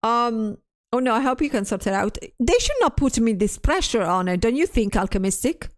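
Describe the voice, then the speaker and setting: A woman's voice: fairly high pitch, animated, moderate pace. A stressed woman streamer in casual livestream chat, ranting, swearing often and restarting her sentences as she reads chat aloud.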